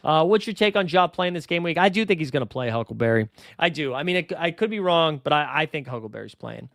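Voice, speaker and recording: A man's voice: fairly high pitch, expressive, quick pace, vocal fry, fairly bright tone, dry recording. A man hosting a fantasy basketball livestream, chatting casually and rattling off player names and numbers. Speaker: fantasy basketball show host.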